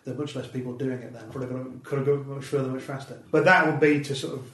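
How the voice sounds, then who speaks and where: A man's voice: medium pitch, fairly even intonation, rapid-fire, fairly bright tone, reverberant, recorded from a distance. A middle-aged man from Britain, a comedian chatting in an interview, rambling and self-deprecating with a dry tone. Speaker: comedian guest. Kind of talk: casual interview chat.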